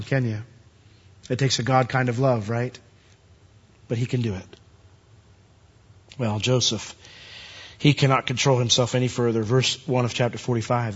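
A man preaching a sermon, telling the story with animated asides and acting out the characters. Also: medium pitch, slightly rough. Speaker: pastor. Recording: dull lo-fi sound.

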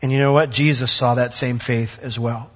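A man's voice: medium pitch, steady tone, normal speed, a bit bright, husky. A man giving a conversational sermon, retelling scripture and acting out the people in it. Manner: conversational storytelling, acting out characters with a raised voice. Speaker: preacher. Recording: dull sound with long hall reverb.

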